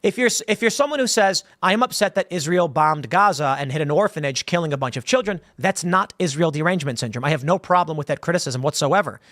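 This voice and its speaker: A man's voice: on the high side, lively intonation, fast talker, few pauses, fairly bright tone, no echo, clean studio sound. A man hosting a casual commentary show, answering viewer questions in a rambling, conversational way and acting out quotes. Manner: rambling, conversational, with many restarts and acted-out quotes. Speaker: host.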